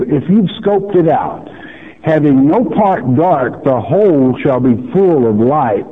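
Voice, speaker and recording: Folksy male Bible teacher on tinny radio. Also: mid-range voice. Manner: folksy, emphatic, asks the listener questions. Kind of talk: sermon-style Bible teaching. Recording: tinny phone-like radio broadcast.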